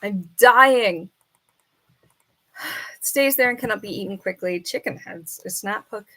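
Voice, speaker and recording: A woman on a casual live stream, reading quiz questions aloud and arguing with the answers, and now and then talking softly to her bird. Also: medium pitch, measured pace, slightly rough. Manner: chatty, reads questions then argues with the answers. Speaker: falconer streamer.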